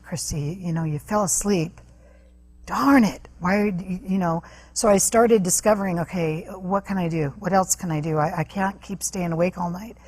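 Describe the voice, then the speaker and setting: A woman with a husky, breathy voice speaks as an interview guest. She tells a personal story earnestly and halts often, restarting her sentences as she goes. Her pitch sits a little low. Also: darkish tone. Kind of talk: personal testimony in a talk interview.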